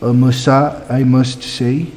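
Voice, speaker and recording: A man's voice: medium pitch, level tone, takes it slowly, darkish tone, slight background noise, lightly acted. A man voicing a proud, formal noble lord in a put-on French accent, stumbling and repeating as he reads. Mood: stately. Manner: stiff, stately, stumbles and repeats.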